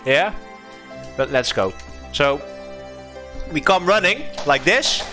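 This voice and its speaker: A young man, not a native English speaker, giving casual, excitable let's-play commentary, laughing often and swearing. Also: a little high, slow, faint music behind. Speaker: streamer playing a game.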